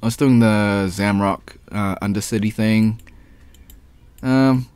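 A man with a hoarse, raspy voice from the flu, rambling casually and clearing his throat while talking over his gameplay. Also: lowish voice, steady tone, slow pace, a little mellow, no room sound. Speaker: gaming vlogger.

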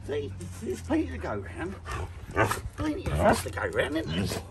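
A man's voice: high-pitched, huge pitch swings, moderate pace. Older man cooing at dogs. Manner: affectionate dog talk, gruff teasing. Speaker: grandfather. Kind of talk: casual chat with dogs. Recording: loud background noise.

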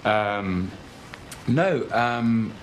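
A man's voice: on the low side, expressive, drawn-out words. A man, an actor, answering in a hesitant, filler-heavy way. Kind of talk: press interview chat. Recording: noisy crowd around.

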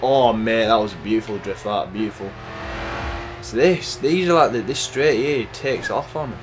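A man casually commentating his racing gameplay, chatty and excitable, cursing at the game. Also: lowish voice, moderate pace. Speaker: gaming YouTuber. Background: game music.

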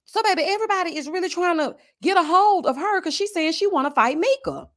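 With an extremely high voice and fast delivery, a woman commentates on a reality TV show in a casual, sassy way. She's animated, performing the words of the people she quotes.

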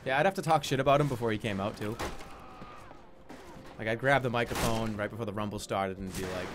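A man streaming a game, chatting casually in a rambling, jokey way, sometimes jumping into loud, high mock-announcer bits. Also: brisk. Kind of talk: casual gaming stream chat. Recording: game gunfire noise behind voice.

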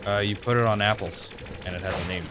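A man's voice: on the low side, fast talker, background noise. A man joking around casually with friends during a game and reading game text aloud. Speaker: co-player. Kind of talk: casual gaming chat. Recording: faint gameplay music behind voice.

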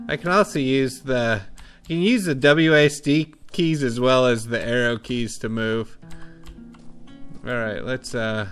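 A man talks his way through a game at a slow, easy pace, musing and thinking aloud as he explores. Faint music and tapping keys sit behind his voice. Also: mid-range voice, fairly bright tone. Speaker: let's play host. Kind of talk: casual game commentary.

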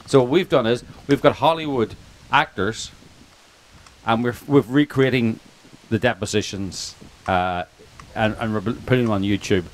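A man's voice: medium pitch, normal speed. A man with an Irish accent, a documentary filmmaker speaking informally to an audience, rambling and joking with many restarts and asides. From Ireland. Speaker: documentary filmmaker giving a speech. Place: outdoor picnic gathering.

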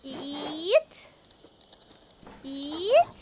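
A woman live-streaming a game, talking to the cat on screen and squealing and shouting when things go wrong. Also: sits high, very animated, very slow, over music. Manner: talks to the cat character, meowing.

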